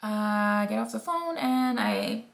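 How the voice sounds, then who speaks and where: A woman's voice: medium pitch, wildly swooping pitch, takes it slowly, vocal fry. A woman in her thirties telling a personal story to camera in a casual, emphatic way. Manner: candid and emphatic, acts out quoted voices. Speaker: vlogger.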